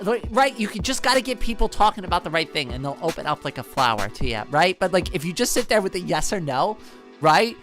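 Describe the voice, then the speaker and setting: A woman live streamer chats casually and gives friendly advice in a playful way, laughing often and peppering her speech with "like" and "right?". Her low voice is very animated, fast, and fairly bright, with faint music behind her.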